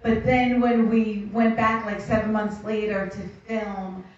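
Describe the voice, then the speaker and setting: A woman's voice: mid-range voice, level tone, a little slow, a little hiss or hum. A woman, an actress on a Q&A panel, bantering frankly and bawdily about shooting a film in a cinema. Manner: bawdy, laughing, frank. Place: cinema auditorium. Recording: echoey muffled hall audio from far off.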